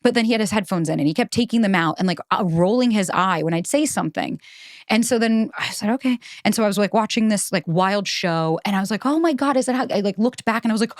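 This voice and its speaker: A woman's voice: mid-range voice, no room sound, studio quality. A woman hosting a solo podcast, telling stories candidly and animatedly, acting out quotes and swearing freely. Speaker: podcast host and relationship coach.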